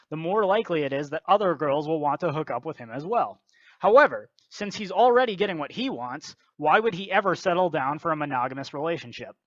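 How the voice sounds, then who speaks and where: A video commentator with a slightly high, fairly bright voice lectures bluntly through scripted commentary, his voice slightly raised. The sound is dull and dry, with no echo or room around it.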